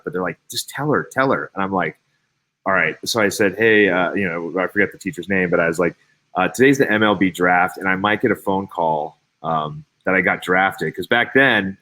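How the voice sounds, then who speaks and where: Man, 30s, from Cincinnati; lowish voice, chatty interview guest, lively, stumbling restarts. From Cincinnati, Ohio. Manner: animated, chatty, many fillers and restarts. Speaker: guest, former baseball player. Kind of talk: casual interview storytelling.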